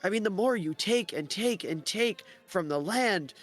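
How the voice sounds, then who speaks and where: A man's voice: high-pitched, animated, unhurried, fairly bright tone, voice pushed up. A man voicing an earnest male druid elder who pleads for his people in a tabletop game. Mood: pleading. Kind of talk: tabletop role-play voice.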